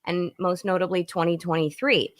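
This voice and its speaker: A woman's voice: on the low side, fairly even intonation, moderate pace. A woman lawyer joining a livestream as a guest by video call, talking in a chatty way and often restarting her sentences. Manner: chatty, thinks aloud with many restarts. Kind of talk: casual livestream chat.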